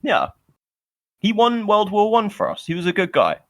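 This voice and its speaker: A man's voice: high-pitched, huge pitch swings, moderate pace, a little hiss or hum. A young British man co-hosting a podcast, chatting casually and ranting in an opinionated, sardonic, rambling way. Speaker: podcast co-host. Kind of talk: casual chat.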